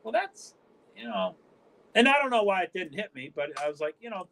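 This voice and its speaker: A man's voice: high-pitched, very animated, brisk, a bit bright. A man from the northeastern US hosting his own livestream, talking in a rambling, stop-start way and often cutting himself off mid-sentence. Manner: rambling, stop-start, frequent self-interruptions. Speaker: livestream host. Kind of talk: casual livestream chat.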